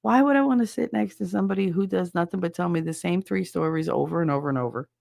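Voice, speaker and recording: A woman's voice: on the low side, fast talker, creaky, darkish tone, no echo, clean studio sound. A woman hosting a casual chat show, venting bluntly with lots of swearing and laughter. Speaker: podcast host. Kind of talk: casual chat with chat shout-outs.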